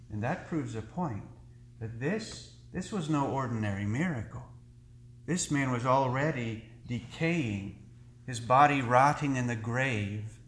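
A male priest delivers a sermon in a slow, measured, earnest way, pausing deliberately between phrases. His voice sits at an ordinary middle pitch. The church around him is roomy and echoing, with a faint hum of background noise. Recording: echoey church room.

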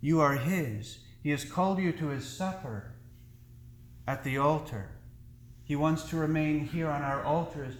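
A priest delivering a sermon in a church, with slow, earnest, deliberately paced preaching. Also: male voice, a little high. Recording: echoey church room.

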